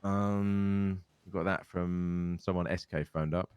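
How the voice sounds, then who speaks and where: A man's voice: low-pitched, steady tone, takes it slowly, darkish tone, clear, resonant tone, dry recording. A tired man rambling and swearing in casual in-character chat while roleplaying in an online crime game.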